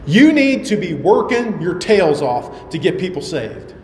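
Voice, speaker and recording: A man's voice: high voice, sing-song, measured pace, slight background noise. A male pastor preaching a sermon, emphatic and full of repeated rhetorical questions. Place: church sanctuary. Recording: echoey hall with faint ambience.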